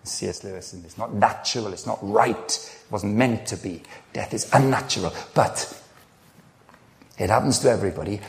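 A middle-aged pastor preaches a sermon in a lowish, darkish voice with vocal fry. He's earnest and conversational, telling personal stories and frequently restarting his sentences.

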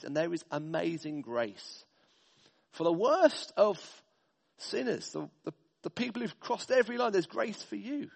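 In a large hall, a man preaches a sermon while working through slides. His voice sits high and sounds creaky and husky, and he speaks emphatically, stressing his points like items in a list.

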